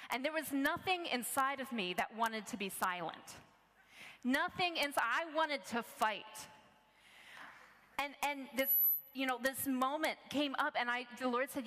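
A woman's voice: sits high, measured pace, pushed and bright. A woman preaching a sermon, telling a personal story in an earnest, conversational way with frequent restarts. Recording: long reverb of a large hall.

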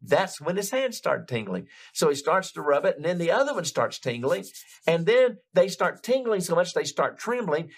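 An older male preacher tells a story from the pulpit, his voice gravelly and worn at the edges. He sits a little above the usual male pitch and builds momentum as the tale climbs, often stopping to restart a phrase. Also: normal speed. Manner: animated, building retelling with frequent restarts. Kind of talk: storytelling sermon.

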